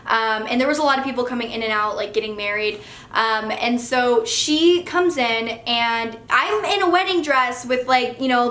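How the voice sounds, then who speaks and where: A young woman, a mother, telling a casual storytime with an animated, profane, chatty manner. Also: high voice, echoey room. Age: young adult.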